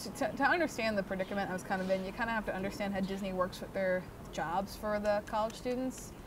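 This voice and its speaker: A young woman talks straight to the camera, recounting a bad day at work with plenty of swearing. She keeps it animated and casual, in a voice of middling pitch. Steady noise runs underneath the recording. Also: fast. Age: young adult. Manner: profane, animated, swears freely. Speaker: former theme park worker telling her story. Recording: noisy background.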